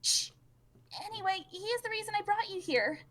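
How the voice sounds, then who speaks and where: A woman playing a gentle, coaxing girl. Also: very high voice, moderate pace. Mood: soothing. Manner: soothing, shushing, earnest. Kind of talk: reading a webcomic aloud with voices. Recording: long hall reverb.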